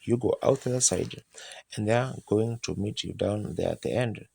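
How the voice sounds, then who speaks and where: A man's voice: fairly low pitch, normal speed, vocal fry, dark tone, slightly rough, full character voice. A man quoting another man who gives him matter-of-fact directions at a door. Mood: instructing.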